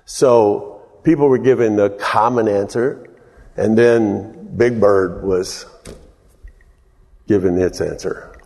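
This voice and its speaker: A pastor preaching a sermon in a folksy, storytelling way, chuckling and breaking into loud exclamations. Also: male voice, fairly low pitch, slow, gravelly, pauses often. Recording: long hall reverb.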